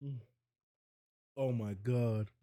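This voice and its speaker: A man's voice: mid-range voice, fairly even intonation, very slow, dark tone. A man streaming from home, reacting to videos in casual chat and laughing constantly through his loose, slangy banter.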